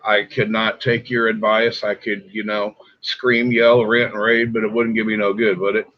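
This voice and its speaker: A man's voice: little pitch movement, normal speed. Guy guesting on a stream by video call, sincere, cusses a bit, sound kinda muffled. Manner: earnest, sincere, swears casually. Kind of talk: casual conversation on a live stream. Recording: muffled low-fi call audio.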